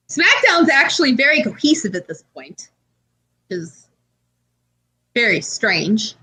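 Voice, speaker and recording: Animated woman telling a story. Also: on the high side, measured pace, long pauses, breathy edge. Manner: animated storytelling, acts out quotes. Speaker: podcast co-host. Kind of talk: casual chat.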